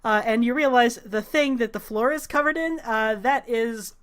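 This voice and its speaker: A woman narrating a tabletop game as game master, relaxed, with many filler sounds. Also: on the high side, moderate pace.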